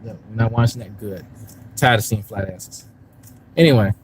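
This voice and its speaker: Talking to his chat on a casual live stream, this YouTube commentary streamer rambles and curses from a park, then from inside a parked car. His voice is fairly low at normal speed, and the audio is poor with slight background noise.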